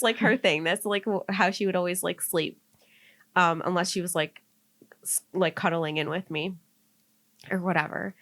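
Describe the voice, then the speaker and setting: A young woman with a fairly low, fairly bright voice co-hosts a podcast and wanders through a personal anecdote. She leans heavily on "like," laughing at moments and tearing up at others.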